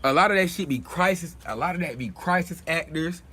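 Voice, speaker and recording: Husky streetwise man preaching on stream. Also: on the high side, fairly quick, sharp tone. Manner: preachy, streetwise slang, repeats himself. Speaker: livestream host. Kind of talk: casual livestream talk.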